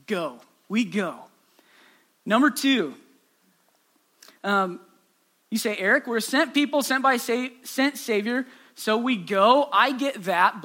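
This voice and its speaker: A man's voice: very high-pitched, sharp tone. A pastor preaching a sermon to his congregation, telling stories earnestly and asking rhetorical questions.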